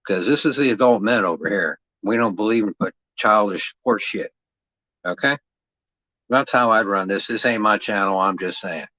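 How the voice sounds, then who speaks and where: A man's voice: lowish voice, normal speed, bright, forceful tone, no room sound, low-quality recording. Profane, taunting middle-aged man. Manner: aggressive, mocking, heavy swearing; taunting rhetorical questions. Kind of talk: profane rant on a livestream.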